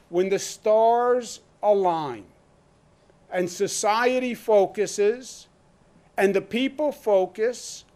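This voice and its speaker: A man's voice: sits high, darkish tone. Emphatic man giving a press briefing. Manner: emphatic, rhetorical questions, deliberate pauses.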